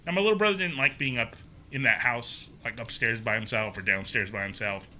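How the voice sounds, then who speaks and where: A man guest on a podcast, telling a personal story in a casual, animated way, acting out the voices he quotes and using plenty of fillers. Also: medium pitch, a little fast, slight background noise. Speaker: podcast guest, haunted maze builder.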